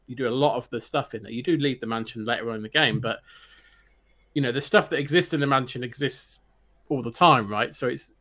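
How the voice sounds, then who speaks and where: A man's voice: medium pitch, fairly bright tone. A man co-hosting a podcast and reviewing a game, explaining in long rambling runs with restarts and laughter. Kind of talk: casual chat.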